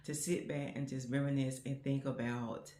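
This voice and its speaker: A woman in her fifties, a grandmother vlogging to camera, muses on changing times in a rambling, reflective chat peppered with "you know what I'm saying." Her voice rumbles low and warm, with a flat delivery at normal speed.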